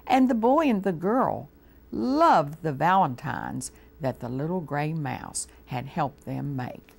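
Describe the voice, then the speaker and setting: Slow, lively-voiced woman reading to children. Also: low-pitched, creaky, breathy edge. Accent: American. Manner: slow, animated, gently expressive. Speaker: children's story reader. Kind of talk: reading a storybook aloud to children. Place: TV studio.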